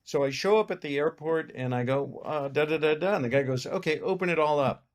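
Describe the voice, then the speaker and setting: Producer guy telling a story on a podcast, pitch a bit high, does everybody's lines himself. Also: fairly quick. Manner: animated anecdote teller who acts out other people's lines. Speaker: film producer and novelist. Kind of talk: casual storytelling in an interview.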